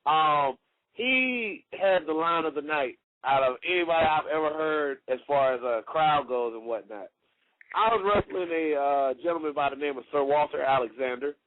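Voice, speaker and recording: Over a tinny, dry phone line, a man with a fairly high, expressive voice tells casual stories at normal speed. He's a wrestler appearing on a radio show, and he rambles along, leaning heavily on "like" and "you know." There's no room sound.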